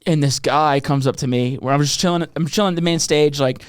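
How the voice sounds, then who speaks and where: A man hosting a podcast, telling a rambling story with lots of swearing and quick impressions of the people in it. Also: on the high side, smooth, no room sound, clean studio sound. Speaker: podcast host. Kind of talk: casual chat.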